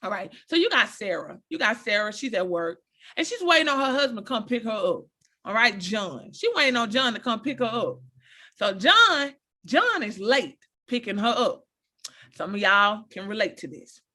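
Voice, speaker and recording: A woman talking casually to her viewers, giving animated, preachy advice and repeating her points. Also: a little high, normal speed. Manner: animated, repeats phrases, addresses viewers directly; preachy, encouraging. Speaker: motivational speaker.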